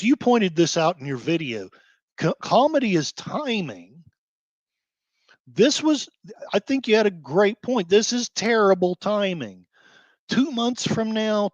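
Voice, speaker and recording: A man's voice: sits high, dry recording. Man, blogger host, emotional commentary rant, sighs, heated bursts, dull dry mic. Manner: heated, sighing, quick outbursts between quieter stretches.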